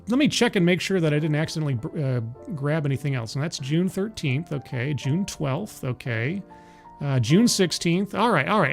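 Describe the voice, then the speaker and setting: Rambling, self-deprecating male commentator. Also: fairly high pitch. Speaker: host. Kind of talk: casual commentary vlog.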